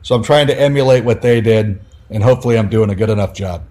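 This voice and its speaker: A man's voice: on the low side, fast talker. A man, a sports writer, telling stories casually in an interview, full of fillers and acted-out quotes. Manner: animated, many fillers, acts out quoted dialogue.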